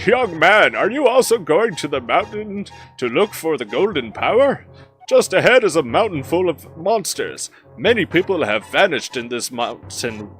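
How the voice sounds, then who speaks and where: A man's voice: on the high side, sing-song, normal speed, fairly bright tone, faint music behind. A man voicing a rambling, kindly old hermit in a shaky elderly voice while reading game dialogue aloud.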